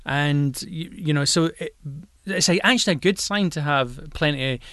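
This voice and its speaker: A man's voice: fairly high pitch, moderate pace, a bit bright, dry recording, studio quality. A man with a Scottish accent, an actor co-hosting a podcast, telling stories in an easygoing, reflective way. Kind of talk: casual chat.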